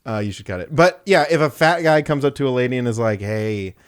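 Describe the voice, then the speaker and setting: A man's voice: mid-range voice, animated, fast talker. A young man co-hosting a podcast, joking around and laughing often as he riffs on made-up scenarios in casual chat. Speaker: podcast co-host.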